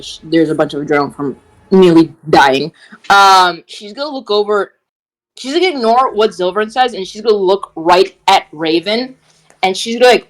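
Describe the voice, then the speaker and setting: A woman's voice: medium pitch, poor audio. Rambling woman player describing her moves. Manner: rambling, filler-heavy. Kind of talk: casual play narration.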